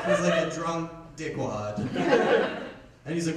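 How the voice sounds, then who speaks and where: A young man telling a stand-up story, deadpan, acting out the voices of the people in it. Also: a little high, moderate pace, noisy background. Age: young adult. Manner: deadpan storytelling, acts out the voices in his anecdotes. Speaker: stand-up comedian. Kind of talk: stand-up comedy set. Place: small theater with a live audience. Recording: distant, echoey room, loud audience laughter. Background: audience laughter.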